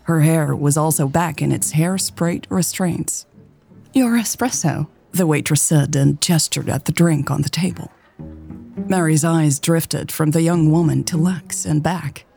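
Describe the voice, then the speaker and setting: A woman narrating a romance story in a calm, even storytelling voice. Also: sits low, measured pace, vocal fry, faint music behind. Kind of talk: scripted audiobook narration.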